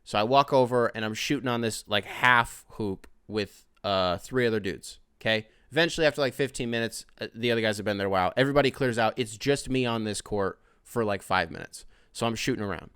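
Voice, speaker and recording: Man, 20s, podcast host, casual monologue, rambling and profane, smooth voice, dry recording. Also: lowish voice, a little fast, hardly any pauses, no room sound. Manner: profane, rambling, animated retelling.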